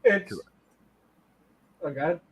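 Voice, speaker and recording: A man's voice: extremely slow, muffled recording. A man who acts on stage, co-hosting a casual online chat and telling stories emphatically with plenty of swearing. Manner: emphatic, profane storytelling. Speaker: podcast co-host and stage actor.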